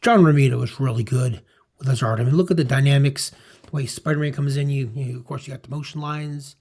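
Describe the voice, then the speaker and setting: A man's voice: medium pitch, quick pace, vocal fry, darkish tone. A man casually reading through an old comic, summarizing panels and praising the art with many fillers. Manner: rambling, full of fillers. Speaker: comic book reviewer.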